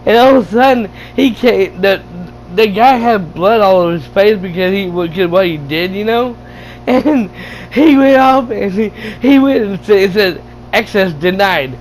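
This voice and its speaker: A man casually retelling a movie, excited and laughing, with lots of stumbling restarts and swearing. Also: sits high, normal speed, slight background noise, poor audio. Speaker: gaming channel host reviewing a movie. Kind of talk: casual rambling movie recap.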